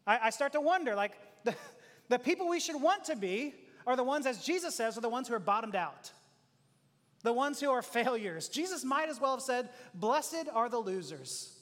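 High-voiced preacher in an echoing hall. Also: male voice, lively intonation, brisk, fairly bright tone. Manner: conversational, acts out little prayers and dialogues, chuckles often. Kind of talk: sermon. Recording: long hall reverb.

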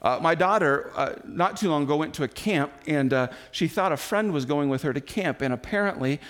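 A man in his forties preaching a sermon, telling the story in an animated way and acting out the quotes himself. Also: fairly high pitch, brisk. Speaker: pastor.

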